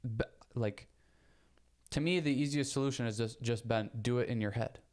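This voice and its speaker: A young man co-hosting a podcast in casual chat, rambling and repeating words, getting animated when he makes a point. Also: mid-range voice, moderate pace. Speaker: podcast co-host.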